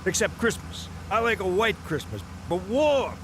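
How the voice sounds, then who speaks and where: A dim, slangy mob sidekick. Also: male voice, high-pitched, very animated, moderate pace, noisy background. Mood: gruff. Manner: blunt, slangy. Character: dim mobster sidekick man.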